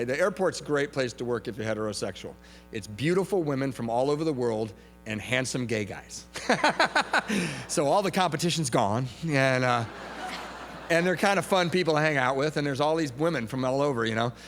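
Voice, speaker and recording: Animated man telling his story. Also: mid-range voice. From United States. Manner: animated, laughing, acts out quoted voices. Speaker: recovery meeting speaker. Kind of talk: personal storytelling talk. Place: large event hall. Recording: echoey hall recording with faint hum.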